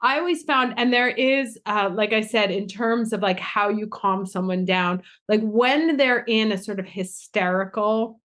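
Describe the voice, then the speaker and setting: A woman's voice: mid-range voice, a little slow, hardly any pauses, fairly bright tone. A woman hosting a podcast, talking with enthusiasm as she explains an idea in conversation. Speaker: podcast host. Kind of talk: conversational interview.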